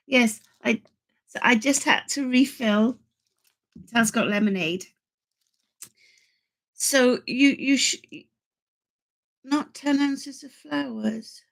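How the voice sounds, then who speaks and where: Chatty older woman, slow and rambling. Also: a little high, creaky. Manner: chatty, rambling, excitable, with many restarts. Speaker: channel host. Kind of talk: live stream chat with viewers.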